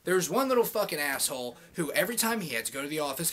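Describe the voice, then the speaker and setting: A man's voice: a little high, big pitch swings, fast talker, a bit bright. A young man venting in a casual, heavily profane rant to his camera, heated and sarcastic. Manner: swears constantly, heated and sarcastic. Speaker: vlogger.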